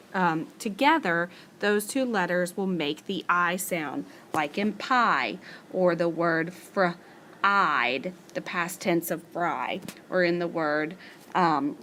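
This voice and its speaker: A woman teacher recording a spelling lesson as a voice-over for her class. She talks patiently and slows down to stretch out each example word. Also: on the low side, a bit bright, a little hiss or hum. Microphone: screencast voice-over.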